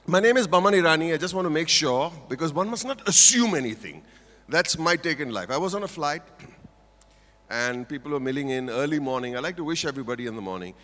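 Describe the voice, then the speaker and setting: A man's voice: a little high, expressive, quick pace, a bit bright. An older man with an Indian English accent gives a humorous stage speech at a corporate event, playfully teasing the audience. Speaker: motivational speaker at a corporate event. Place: large auditorium stage. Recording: reverberant auditorium.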